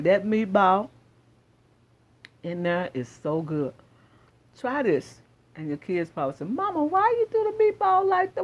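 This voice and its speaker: A woman's voice: deep voice, a little mellow, husky. A woman hosting her own cooking channel in her home kitchen, chatting straight to viewers and repeating her praise as she cooks. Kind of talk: casual cooking demonstration.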